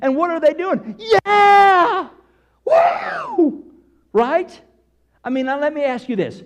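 A man preaching a sermon to his congregation, full of rhetorical questions and sudden shouted bursts. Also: very high-pitched, lively intonation, moderate pace. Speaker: pastor.

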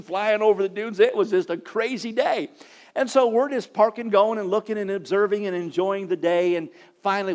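Middle-aged man, higher pitch, animated casual storyteller. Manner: animated, builds excitement, quotes others. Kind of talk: casual anecdote to an audience.

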